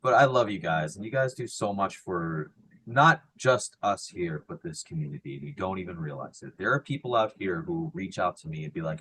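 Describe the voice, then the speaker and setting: A man co-hosting a podcast in emotional casual chat, animated, swinging from soft and quiet to loud excited bursts. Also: sits low, moderate pace, noisy background. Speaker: podcast co-host.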